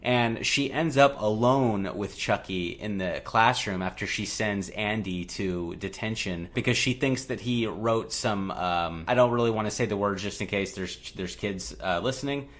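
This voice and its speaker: Male co-host, lower voice, easygoing, quick to laugh. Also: fairly bright tone. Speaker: podcast co-host. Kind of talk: casual chat.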